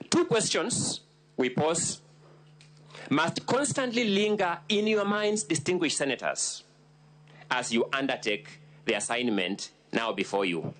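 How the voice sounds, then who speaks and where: A man, a lawyer making a formal, measured, emphatic legal submission to senators. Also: on the high side, animated, a bit bright. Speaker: defense lawyer addressing the Senate.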